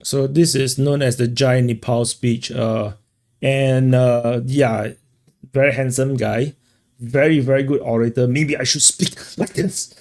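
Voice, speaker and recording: A man hosting a casual commentary, talking in a halting way with many fillers and restarts. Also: medium pitch, fairly even intonation, darkish tone. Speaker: commentator host.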